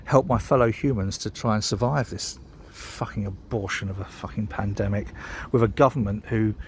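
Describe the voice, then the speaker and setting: A man's voice: lowish voice, moderate pace, darkish tone, slight background noise. A British man vlogging outdoors by a canal, rambling and sweary, a bit tipsy after a beer, ranting heatedly. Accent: British English. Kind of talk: casual outdoor vlog rant.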